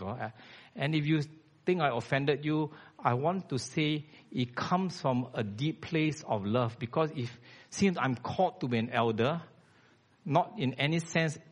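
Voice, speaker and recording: A man, preaching a blunt, emphatic sermon as a church elder. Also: medium pitch.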